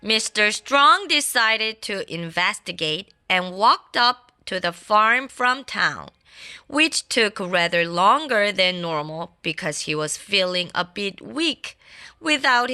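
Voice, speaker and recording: A woman reading a children's storybook aloud in a playful, expressive way. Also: mid-range voice, takes it slowly. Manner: playful and expressive, adds sound effects. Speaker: storybook reader. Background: faint classical background music.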